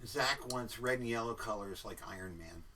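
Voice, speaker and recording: Co-host reading chat, bright and animated, a bit far from the mic with faint noise. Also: medium pitch, normal speed. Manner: lively, playful, reads chat aloud in animated voices. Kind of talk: casual chat, reading viewer messages.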